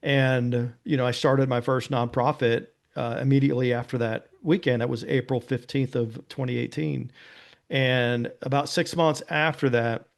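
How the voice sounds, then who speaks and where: A man's voice: mid-range voice, fairly even intonation, moderate pace, vocal fry. Earnest man telling his story. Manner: earnest, anecdotal, peppered with "you know" and "right?". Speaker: interview guest, nonprofit founder. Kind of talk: casual conversational storytelling.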